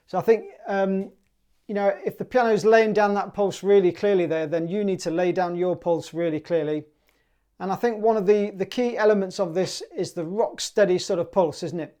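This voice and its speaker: A man with a British accent teaching a clarinet piece in a relaxed, chatty way, sometimes singing the rhythms in syllables. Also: high voice, normal speed. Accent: British English. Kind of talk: relaxed music tutorial.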